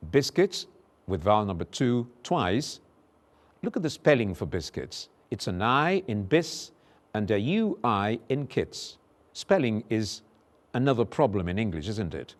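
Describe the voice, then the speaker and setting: Slow, deliberate male pronunciation teacher. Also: lowish voice. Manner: slow and deliberate, repeating example words carefully. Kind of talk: recorded lesson.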